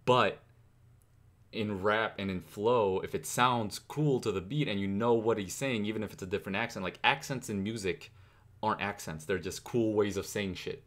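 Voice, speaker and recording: A young man with a low voice hosts a rap reaction video. He rambles loosely, full of "um" and "like", and speeds up whenever he gets excited about the rhymes. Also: moderate pace. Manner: rambling, enthusiastic, many fillers. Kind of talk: casual music reaction commentary.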